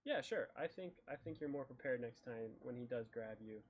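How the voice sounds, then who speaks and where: A man running a tabletop game as dungeon master, relaxed and halting, with many fillers and restarts. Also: medium pitch, husky. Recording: dull lo-fi mic.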